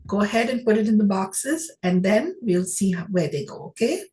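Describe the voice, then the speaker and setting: A woman's voice: medium pitch, animated, a little mellow. Patient woman teaching a phonics lesson. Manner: patient, encouraging, praises often; sounds out words slowly. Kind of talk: phonics lesson to young children.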